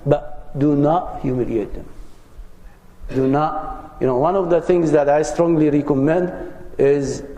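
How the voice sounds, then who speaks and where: This religious teacher's voice is on the high side yet dark in tone, and he speaks unhurriedly. His earnest, conversational parenting lecture includes personal anecdotes, recorded in a roomy hall with long reverb.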